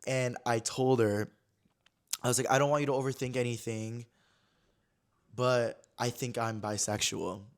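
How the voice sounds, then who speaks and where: Podcast host, man in his 20s from Connecticut, middle pitch, open and chatty storytelling. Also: fairly even intonation, a little slow, pauses often. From Connecticut, USA. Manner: candid, chatty, heavy use of "like". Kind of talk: casual storytelling chat.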